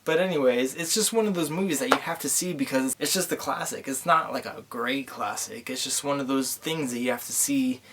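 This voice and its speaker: A man's voice: mid-range voice, a little fast, hardly any pauses, very noisy. Rambling, tipsy young man. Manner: rambling, crude, loose and meandering. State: tipsy from drinking. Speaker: vlogger. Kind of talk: profane casual movie recap.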